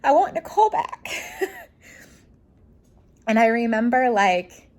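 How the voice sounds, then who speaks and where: A young woman tells a deeply personal story straight to her viewers in a vlog. Her voice sits a little high and she talks in a raw, emotional way, full of "like" fillers. She acts out remembered conversations in her own voice. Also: sing-song, slow pace, darkish tone. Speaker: lifestyle vlogger.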